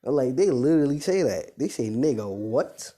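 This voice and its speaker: A man improvising a fan-fiction story out loud, rambling and correcting himself, in slangy casual speech. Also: on the high side, expressive, fast.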